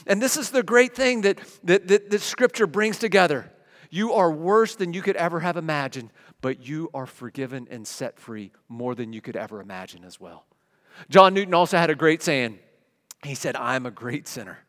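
High-voiced pastor preaching in a reverberant church. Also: male voice, animated, normal speed, fairly bright tone. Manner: conversational preaching, rising to emphatic declarations. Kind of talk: sermon. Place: church sanctuary. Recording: long hall reverb.

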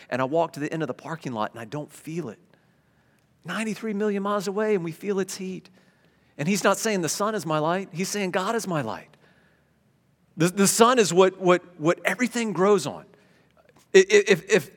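Stammering preacher with a ringing hall echo. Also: male voice, high-pitched. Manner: stammers and repeats words, swings between loud emphasis and hushed tones. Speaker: pastor. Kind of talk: sermon. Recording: long hall reverb.

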